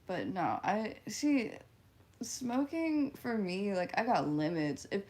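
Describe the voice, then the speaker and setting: A giggly woman in her twenties talks casually on a livestream, answering chat messages in a loose, chatty way. Her voice sits at an ordinary middle pitch for a woman. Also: very animated, slow, a little mellow. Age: 20s. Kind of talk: casual live-stream chat.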